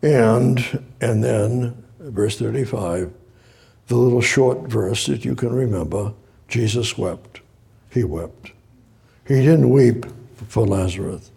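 A man's voice: mid-range voice, slow, gravelly, mellow, husky. A man preaching a sermon, reading scripture aloud and breaking off to explain it, repeating phrases and rising to emphatic exhortation.

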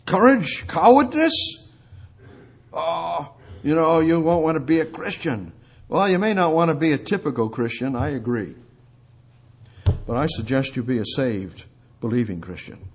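A man preaching a sermon, fervent and repetitive, swinging between loud outbursts and hushed prayer. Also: medium pitch, slightly rough.

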